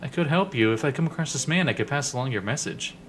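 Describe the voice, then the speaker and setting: A man's voice: mid-range voice, expressive, fast, fairly bright tone, slight background noise, lightly acted. A man voicing a curt amnesiac male hero who asks short, direct questions in a video game.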